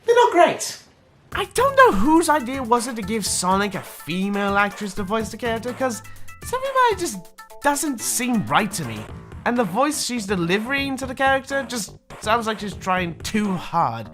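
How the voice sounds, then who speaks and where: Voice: mid-range voice, big pitch swings, normal speed, sharp tone, faint music behind. A video reviewer giving casual, opinionated, sarcastic commentary.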